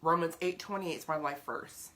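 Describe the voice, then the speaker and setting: Earnest woman, lowish voice, chatty faith vlog to live viewers. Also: normal speed, a bit bright. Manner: earnest, chatty, repeats herself; greets live viewers by name. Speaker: faith vlogger. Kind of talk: casual faith talk to viewers.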